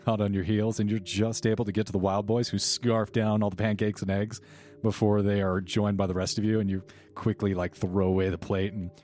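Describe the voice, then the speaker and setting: A man's voice: lowish voice, flat delivery, brisk, a little mellow. A man acting as game master, narrating scenes and voicing characters in a tabletop game.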